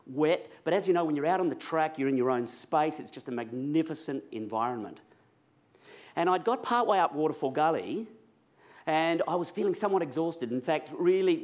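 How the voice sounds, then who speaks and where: A man telling a personal story to a live audience, chatty and self-mocking, now and then asking the crowd questions. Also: fairly high pitch. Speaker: public speaker.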